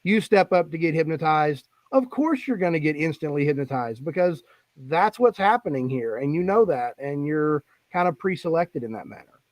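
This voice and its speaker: A man's voice: on the high side, animated, moderate pace, no room sound. A man who is a guest hypnotist on a live online show, explaining techniques in a matter-of-fact way over a video call. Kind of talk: casual live-stream chat.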